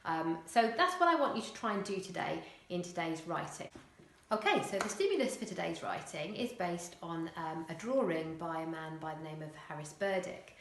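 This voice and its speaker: A woman primary school teacher explaining a writing lesson clearly, with occasional fillers. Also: on the low side, sing-song, normal speed, roomy sound, a little hiss or hum.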